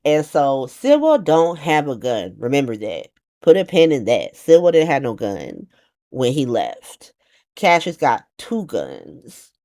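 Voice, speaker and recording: A woman giving a casual, slangy comedic recap of a soap opera, acting out the characters in quick voices. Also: deep voice, darkish tone.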